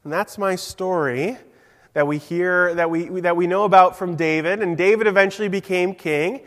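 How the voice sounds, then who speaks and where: A man's voice: high voice, normal speed, big-room sound. A man preaching a simple story-style sermon, asking his listeners questions. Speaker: preacher giving a children's message.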